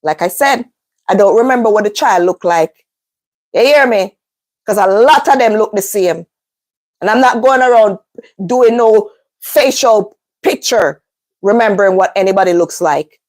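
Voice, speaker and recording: A woman, a vlogger and mother, telling a story in a casual, animated way. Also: mid-range voice, moderate pace. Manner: animated storyteller, acts out voices.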